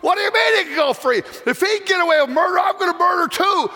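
A man voicing a furious storybook crowd, pitch jumping way up into indignant shouts, all echoing round a big hall with a long ringing tail. It sounds like a preacher acting out a whole angry mob at once. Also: expressive, fast, exaggerated voice. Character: outraged jeering crowd in a kingdom.

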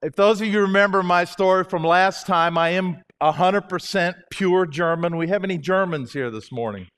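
A man's voice: high voice, moderate pace, a bit bright, smooth. An older man from Alabama, speaking as a guest speaker to a live audience in a jokey, chatty way. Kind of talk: chapel talk.

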